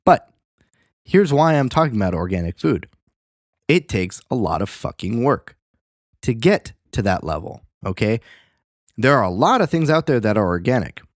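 A man's voice: mid-range voice, moderate pace, long pauses, dry recording, studio quality. A young man in his twenties hosting a casual chat, rambling and swearing freely. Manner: rambling, profane, animated. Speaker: podcast host.

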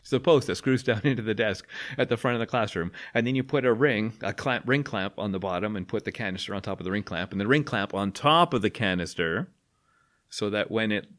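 A man's voice: fairly low pitch, a little fast, fairly bright tone. A man telling a classroom story in a podcast interview, laughing often as he talks. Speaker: guest, math education professor. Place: radio studio.

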